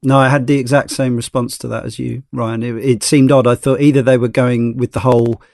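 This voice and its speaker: A man explains and agrees in easy podcast talk. His voice is of ordinary pitch and recorded dry. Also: little pitch movement, a little fast, creaky, darkish tone, no echo. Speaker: podcast co-host. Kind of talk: casual chat.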